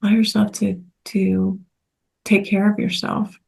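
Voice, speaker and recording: A woman co-facilitator guides listeners step by step in a soft-spoken, gentle voice. Her pitch stays flat and even, and she speaks in a reflective way. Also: measured pace, vocal fry. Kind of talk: guided teaching talk.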